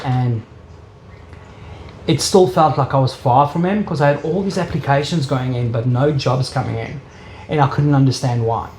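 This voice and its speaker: A man's voice: mid-range voice, a little mellow. Earnest South African man, echoey room. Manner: earnest, emotional storytelling. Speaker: interviewee. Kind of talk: personal faith testimony. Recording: echoey room with faint ambient noise.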